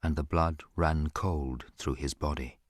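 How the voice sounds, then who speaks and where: A man reading a classic novel aloud as scripted audiobook narration, in a slow and even storybook manner. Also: extremely low pitch, slight background noise.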